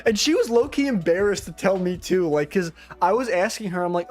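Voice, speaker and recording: A man's voice: sits high, expressive, a little fast, soft background music. A young man who day-trades and streams, chatting casually, rambling, slangy and profane, often joking at his own expense. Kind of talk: casual livestream chat.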